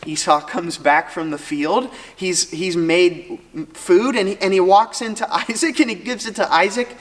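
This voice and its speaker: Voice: mid-range voice, normal speed. Casual storyteller in a reverberant hall. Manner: lively retelling with joking asides. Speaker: student ministry teacher.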